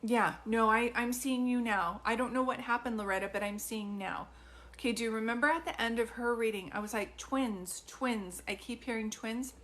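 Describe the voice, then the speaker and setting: Chatty woman medium, slightly high voice. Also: brisk, fairly bright tone. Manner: chatty, addresses viewers as sweetie, many ums. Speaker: psychic medium doing live readings. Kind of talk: livestream chat with viewers.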